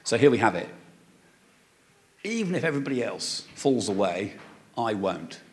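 A man delivers a sermon in a conversational way, reading scripture and explaining it with frequent fillers and restarts. His voice sits fairly low, with big swings in pitch and a moderate pace. It's Bible teaching.

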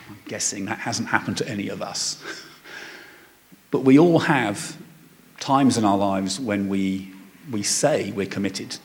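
A man delivers a Bible teaching in a relaxed, conversational manner, pausing on fillers and restarting his sentences. His voice sits fairly low with a gravelly edge. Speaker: preacher.

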